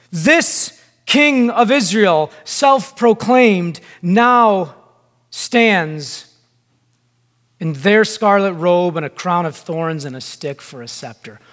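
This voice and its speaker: A man delivers a sermon with a fairly high voice, taking his time over each phrase. He preaches in a deliberate, emphatic manner and pauses often between phrases. The sound carries a long reverb, as in a large church hall. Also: a bit bright.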